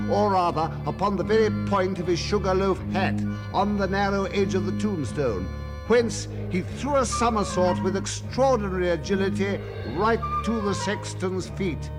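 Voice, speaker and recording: A man narrating a dark holiday story in a measured, dramatic way. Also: sits high. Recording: reverb with music behind.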